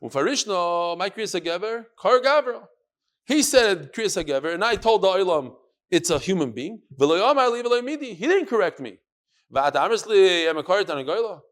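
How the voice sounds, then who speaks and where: Animated high-voiced rabbi teaching Talmud. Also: male voice, fairly quick. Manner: animated storyteller, acts out quotes and talks to students. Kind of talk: live Talmud lesson. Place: study hall.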